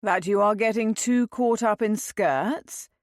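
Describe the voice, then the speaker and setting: Storybook role: a smug, drawling young duke, read by a woman, unhurried and close. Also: mid-range voice, no echo. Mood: teasing. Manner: drawling, mocking. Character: teasing aristocratic young male duke.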